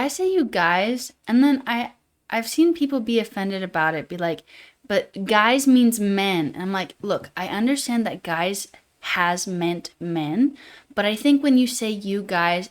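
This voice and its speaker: A woman with a Utah accent hosting a livestream, chatting casually in a fairly monotone way and reading chat comments aloud. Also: mid-range voice. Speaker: livestream host.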